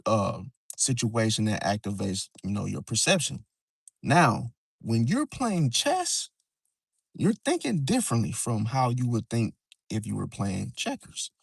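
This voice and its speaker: His voice is medium-pitched, creaky, and a bit rough, with no echo, as he hosts an astrology live stream from outdoors near parked cars. The talk is casual and repetitive, full of "see?" and "bro," with occasional whispering.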